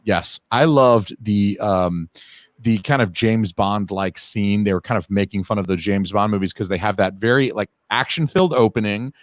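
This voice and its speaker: Excitable swearing man on a podcast. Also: lowish voice, normal speed, no echo. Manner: animated, swears a lot, gets loud and excited. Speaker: podcast co-host. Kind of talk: casual chat.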